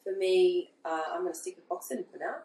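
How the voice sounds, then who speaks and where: Woman guest, somewhat low voice, heard from a distance in an echoey room. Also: brisk, a little hiss or hum. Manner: relaxed, swearing, hesitant with ums. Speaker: guest boxer. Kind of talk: casual chat.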